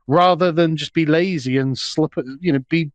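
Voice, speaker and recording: Jokey high-voiced man laughing along. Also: normal speed, dry recording. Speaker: livestream co-host. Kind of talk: casual reaction chat.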